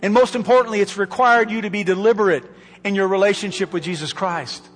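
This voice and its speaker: A man preaching a sermon from a church pulpit, earnest and pleading, slowing down to stress key words. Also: high voice, long reverb tail, faint music behind. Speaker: pastor. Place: church sanctuary. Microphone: microphone.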